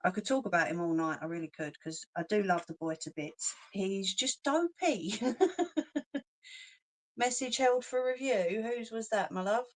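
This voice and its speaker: A woman with a London accent chats casually on a livestream and reads comments aloud. Her pitch sits in the middle, and she talks with cheeky slang and frequent laughs. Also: animated, a little slow. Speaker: craft channel host.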